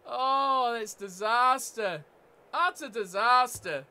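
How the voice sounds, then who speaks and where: A man with a New Zealand accent giving excitable live commentary while playing a rugby video game, often yelling at the screen. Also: very high-pitched, normal speed. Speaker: gaming YouTuber.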